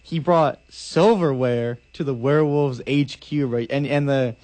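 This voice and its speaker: A man's voice: medium pitch, unhurried. A young man eagerly retelling movie scenes, laughing as he talks. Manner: excitable storyteller, laughs while talking. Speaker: podcast co-host. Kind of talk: casual movie recap chat.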